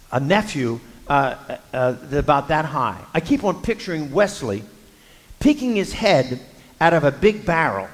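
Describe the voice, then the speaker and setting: A man preaching a sermon, telling a Bible story in a conversational way with frequent fillers and voiced quotes. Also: a little high. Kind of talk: sermon with scripture reading. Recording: long hall reverb.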